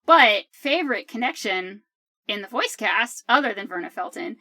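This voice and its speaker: A woman co-hosting a podcast, chatting casually and opinionated with quick asides. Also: medium pitch, animated, pushed and bright, no echo. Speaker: podcast co-host.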